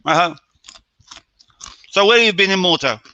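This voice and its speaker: Bright-voiced English man hosting a live chat. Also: sits high, lively intonation, normal speed. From England. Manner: chatty, reads out viewer names. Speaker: live stream host.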